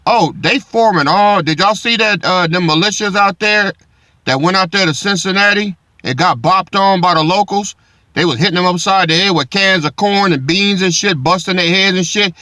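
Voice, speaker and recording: Profane bright-voiced man ranting. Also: high-pitched, moderate pace, no room sound. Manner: loud, swearing, heated. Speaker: commentary streamer. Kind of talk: profane casual commentary.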